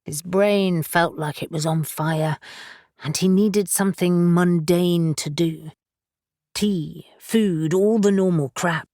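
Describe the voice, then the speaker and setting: A woman narrating an audiobook in a measured storytelling manner. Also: lowish voice, fairly even intonation, darkish tone, no room sound, studio quality. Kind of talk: scripted narration.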